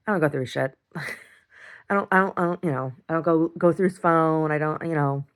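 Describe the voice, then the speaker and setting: A woman's voice: deep voice, brisk. A middle-aged woman venting in a casual video diary, blunt and exasperated, swearing and repeating herself. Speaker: video diarist.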